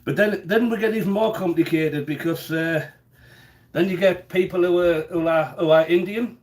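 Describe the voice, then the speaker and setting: A man's voice: sits high, normal speed, darkish tone. A man chatting casually in his home kitchen during a live cooking stream, rambling and often repeating words as he goes.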